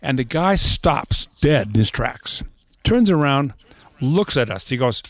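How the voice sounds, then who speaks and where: A man, a touring drummer and podcast guest, telling animated anecdotes and acting out the voices of the people in them. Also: mid-range voice, unhurried, no echo. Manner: animated anecdote teller, acts out the voices in his stories. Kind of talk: casual storytelling chat.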